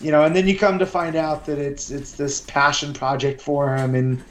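A man's voice: on the high side, flat delivery, normal speed. A man co-hosting a casual film review chat, talking in a laid-back way. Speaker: podcast co-host.

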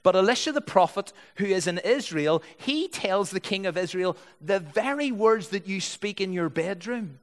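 A man's voice: high voice, lively intonation, normal speed, few pauses, pitched above the performer's own voice. A man reading the lines of an anxious royal officer, raising his voice with urgency. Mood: urgent.

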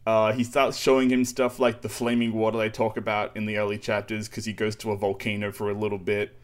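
A man's voice: fairly low pitch, level tone, fairly quick. A man casually recapping a manga chapter on a podcast, rambling with fillers and sarcastic asides. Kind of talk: casual chat.

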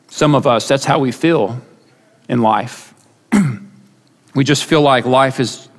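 A man preaching a sermon as a pastor, talking in a halting, vulnerable way with many restarts. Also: mid-range voice. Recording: long hall reverb.

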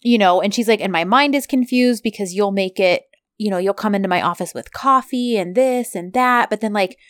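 A woman's voice: medium pitch, fairly quick, no room sound, studio quality. A woman co-hosting a casual recap chat, gushing and retelling scenes by quoting the characters. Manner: chatty, gushing, quotes characters. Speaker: podcast co-host.

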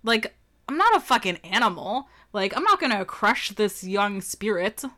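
A woman's voice: mid-range voice, sing-song, normal speed, sharp tone. A young woman in casual chat, dry and blunt, swearing freely.

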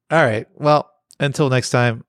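A man's voice: medium pitch, very noisy. A man co-hosting a casual podcast, reading comic strips aloud and laughing often. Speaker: podcast co-host. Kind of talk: casual chat.

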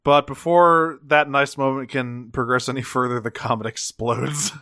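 A man's voice: medium pitch, steady tone, bright, forceful tone, dry recording, studio quality. A man co-hosting a podcast, retelling a cartoon episode in casual, profane, joking chat. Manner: profane, joking retelling with quick put-on quotes. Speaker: podcast co-host.

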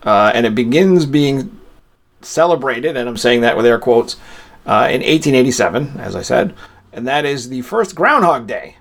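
मज़ाकिया, उतार-चढ़ाव वाली आवाज़ का आदमी. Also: male voice, mid-range voice, sing-song, normal speed. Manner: joking, laughs often. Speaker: podcast co-host. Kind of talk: casual chat.

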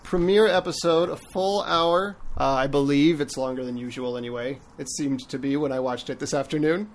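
Dry-witted man podcast host, higher voice. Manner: dry, deliberate, measured wit. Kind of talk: casual podcast chat.

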